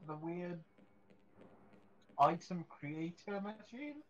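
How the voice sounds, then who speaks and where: A woman chats slowly over a game, her pitch swinging widely as she sounds incredulous and swears casually. Her voice sits a little low, and the audio is dull and lo-fi. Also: big pitch swings. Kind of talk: casual chat while playing.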